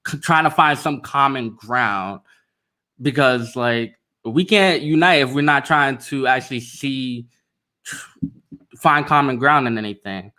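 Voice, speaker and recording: A man's voice: medium pitch, a little slow, sharp tone. A man speaking as a panelist in casual talk, earnest and full of "like" fillers.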